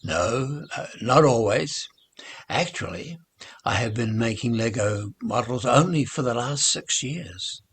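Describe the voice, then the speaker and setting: A man voicing a sad older grandfather who speaks haltingly, with stammers and pauses. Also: medium pitch, animated, a bit bright, husky, heavily acted. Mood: hesitant. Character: grieving older grandfather, once grumpy.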